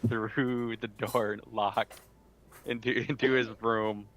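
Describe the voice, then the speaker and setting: A man's voice: medium pitch, little pitch movement, slow pace, a bit bright, no echo. A man playing a tabletop game, eager and stumbling over his words, laughing often. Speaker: player. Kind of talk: casual chat in a tabletop game.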